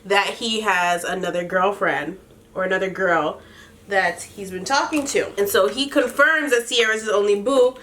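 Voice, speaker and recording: A young adult woman hosting a casual comedic recap, sassy and animated, laughing often between lines. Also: medium pitch, a little hiss or hum. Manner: laughs often, sassy and animated, does quick mock voices. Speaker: podcast host recapping a reality show.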